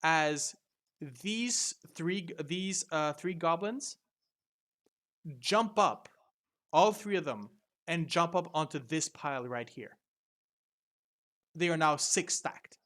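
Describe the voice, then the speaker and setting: A man narrating as game master, halting with many fillers and restarts. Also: a little high, fairly bright tone.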